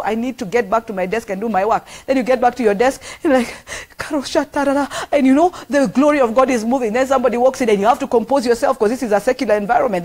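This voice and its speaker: A woman's voice: on the high side, darkish tone. A middle-aged woman with a Kenyan accent delivers a sermon. She talks earnestly and with emphasis, and she repeats phrases to drive each point home. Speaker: pastor.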